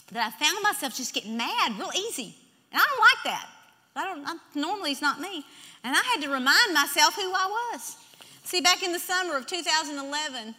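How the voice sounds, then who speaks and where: Woman preacher, high pitched, emphatic sermon, reverberant church hall. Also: sharp tone. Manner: emphatic, leads the congregation in repeating scripture.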